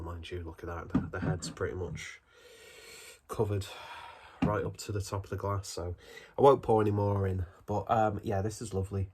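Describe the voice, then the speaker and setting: A man's voice: lowish voice, darkish tone, slight background noise. A man, still out of breath from a cold, chatting his way through a casual beer review at home in a rambling, self-deprecating manner.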